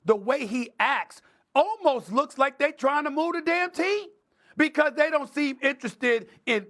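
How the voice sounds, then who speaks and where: A middle-aged man with a high-pitched voice hosts a sports debate and dominates the floor. He speaks emphatically and with animation, stacking up points one after another for effect and hitting key words hard.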